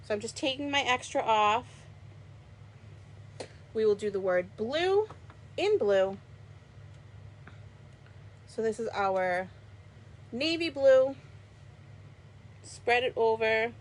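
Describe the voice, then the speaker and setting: A woman's voice: on the high side, lively intonation, takes it slowly, long pauses, slight background noise. A woman from Massachusetts with a Boston accent, chatting enthusiastically with viewers while she demonstrates a craft live. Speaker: crafter hosting a live stream. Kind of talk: live craft demo chat.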